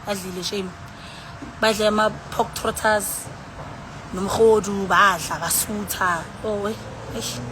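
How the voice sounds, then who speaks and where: A woman's voice: mid-range voice, steady tone, unhurried, long pauses, noisy background. A tipsy woman with a South African accent, rambling and sighing in casual live-stream chat, switching between languages as she talks into her phone. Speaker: livestreamer.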